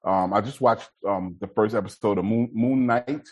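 A man's voice: fairly low pitch, normal speed, darkish tone, rough recording. A man hosting a casual chat, talking loosely in slang and laughing often. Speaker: podcast host.

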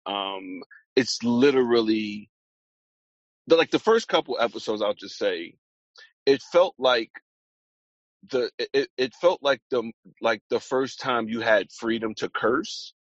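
A man in a casual podcast conversation, weighing his opinions on a show with frequent hedges and restarts. His voice sits at a middling pitch. The recording is dry and a little dull. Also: dry recording. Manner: thoughtful, hedging, many restarts. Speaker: podcast co-host. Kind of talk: casual TV review chat.

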